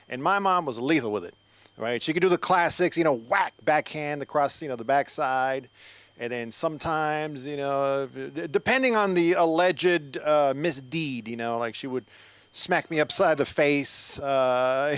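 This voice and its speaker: A middle-aged man from the US, Mexican-American, works a club stage with a handheld mic. His voice sits a bit high for a man. His delivery is wry and self-deprecating. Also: a bit bright, dry recording. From United States, Mexican-American. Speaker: stand-up comedian. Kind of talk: stand-up comedy.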